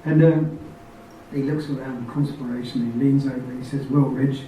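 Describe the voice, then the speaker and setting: A man's voice: mid-range voice, fairly even intonation, moderate pace, warm tone, a little hiss or hum. A middle-aged man chatting to an audience between songs, telling a funny story with chuckles along the way. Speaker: folk singer on stage. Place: small club venue in front of an audience. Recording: echoey live room recording from a distance, guitar in the mix.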